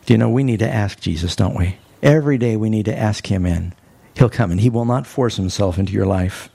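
A man with a gravelly, husky voice delivers a sermon. He retells a story with lively swings, climbing high when he drives a point home. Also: brisk. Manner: animated storytelling, rising sharply for emphasis. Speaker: preacher.

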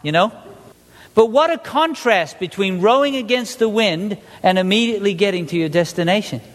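Male pastor, high-pitched, conversational sermon delivery in a reverberant hall. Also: normal speed. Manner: animated, conversational preaching with rhetorical questions to the congregation.

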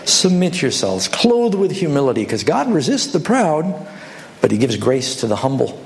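A man's voice: medium pitch, moderate pace, gravelly. A man preaching a sermon, telling stories and acting out the dialogue in changing voices. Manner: animated storytelling, acts out dialogue with shifting voices.

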